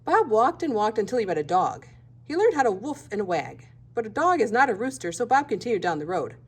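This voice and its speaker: A woman's voice: medium pitch, big pitch swings, brisk, breathy edge. A woman reading a children's picture book aloud, expressively, acting out the animal sounds. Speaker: storybook reader.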